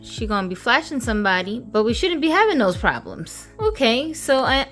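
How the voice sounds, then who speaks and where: Playful woman doing a doll review, sassy slangy jokes, medium voice. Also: medium pitch.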